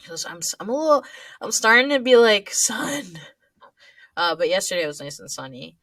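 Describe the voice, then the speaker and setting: A young woman co-hosting a casual podcast chat, playful and quick to laugh. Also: medium pitch, very animated, a bit bright, no room sound. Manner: laughs often, chatty and playful. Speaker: podcast co-host.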